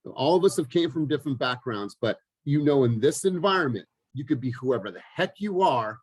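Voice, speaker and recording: A man's voice: medium pitch, animated, a little fast, slightly rough, no echo. A man hosting a team video call, blunt and encouraging, with casual swearing. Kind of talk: motivational team talk.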